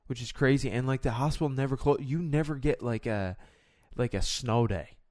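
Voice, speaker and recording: A man's voice: medium pitch, moderate pace, a little mellow, dry recording, studio quality. A young man co-hosting a sports podcast, chatting casually in a rambling, jokey way full of fillers. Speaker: podcast co-host. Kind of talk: casual chat.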